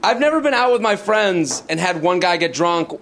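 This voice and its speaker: A man performing a stand-up comedy set, animated and shouting out the lines he mimics. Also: sits high, normal speed. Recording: live club set with audience noise. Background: audience laughter.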